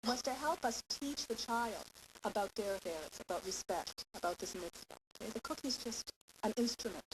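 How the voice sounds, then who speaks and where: Woman lecturing on parenting, hissy tape. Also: fairly high pitch. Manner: animated, explanatory, with many "okay"s. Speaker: parenting teacher. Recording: hissy amateur recording.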